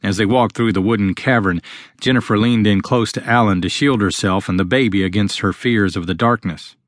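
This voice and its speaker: A man narrating a novel as an audiobook, reading steadily and in a measured way. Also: fairly low pitch, no echo, studio quality. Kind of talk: scripted narration.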